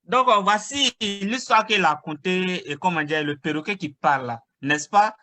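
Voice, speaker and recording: A man interpreting, recapping a told joke at quick speed. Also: high voice, pushed and bright. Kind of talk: retelling a joke in French.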